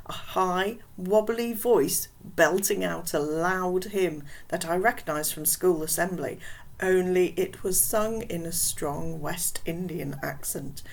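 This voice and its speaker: A woman reads a children's novel aloud in a casual, chatty manner. Her voice is pitched lower than most women's, and she reads at an easy pace. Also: takes it slowly, gravelly, poor audio. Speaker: reader.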